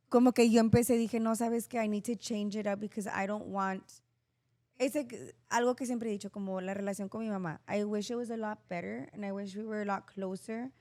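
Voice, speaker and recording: A middle-aged woman co-hosting a podcast, chatting casually and expressively, with quick bursts of laughter. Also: mid-range voice, a little mellow, no echo, clean studio sound. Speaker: podcast co-host and mother. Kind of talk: casual chat.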